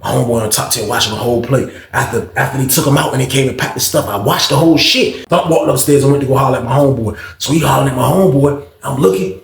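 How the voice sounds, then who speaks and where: Brief: young man, gravelly and fairly high, rambling profane storytime, roomy echo. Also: rapid-fire, few pauses. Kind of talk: casual storytime. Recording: echoey room.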